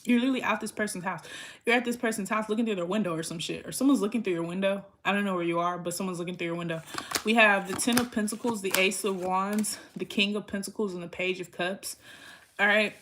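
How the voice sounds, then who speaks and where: A woman's voice: mid-range voice, fairly even intonation, fast talker, a bit bright, a little hiss or hum. A woman giving a casual tarot reading in a blunt, rambling way, swearing freely. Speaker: tarot reader.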